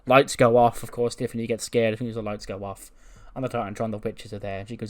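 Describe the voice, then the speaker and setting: A man's voice: lowish voice, steady tone, quick pace, darkish tone. A man casually recapping a wrestling simulation run, chatty, laughing and swearing, often restarting mid-sentence. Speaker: game commentator. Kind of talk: casual let's-play recap.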